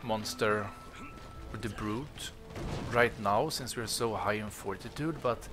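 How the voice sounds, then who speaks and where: Hosting a let's-play for his gaming channel, a man chats in a relaxed, chatty way with plenty of fillers while playing through a game. His voice is fairly low and he takes it slowly, with background noise audible.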